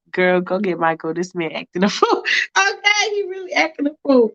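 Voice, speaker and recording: A woman's voice: medium pitch, normal speed, a bit bright. Chatty woman telling a storytime. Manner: chatty, laughing asides, slangy commentary. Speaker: storyteller and show host. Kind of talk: casual fanfiction storytime. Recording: dull lo-fi recording.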